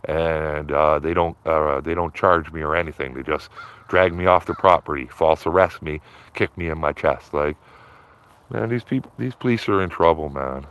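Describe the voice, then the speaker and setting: Rambling livestreamer, low-pitched man, loose casual talk outdoors by a river, tags lines with "man". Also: normal speed, a bit bright, clean tone. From Canada. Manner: rambling, repeats himself, tags phrases with "man". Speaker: livestreaming auditor.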